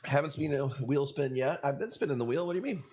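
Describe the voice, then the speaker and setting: A man's voice: medium pitch, lively intonation, fast talker, a little mellow, a little hiss or hum. A man hosting a live coral auction stream, bantering loosely and profanely with viewers and calling out bids.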